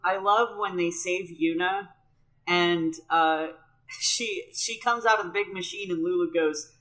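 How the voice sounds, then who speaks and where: A woman co-hosting a casual podcast chat, chatty and giggly, often pausing with fillers. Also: fairly low pitch, fairly bright tone. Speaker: podcast co-host.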